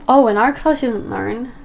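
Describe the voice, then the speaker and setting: A young woman chats with her stream viewers, taking her time over every phrase. Her voice sits a little high, and she is blunt, cussing freely as she answers their questions. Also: creaky, a little hiss or hum. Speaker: livestreamer.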